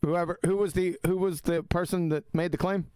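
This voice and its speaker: A man's voice: high voice, fairly even intonation, brisk, darkish tone, smooth, dry recording. A man hosting a live stream, reacting to a debate clip in a mocking, combative and profane way.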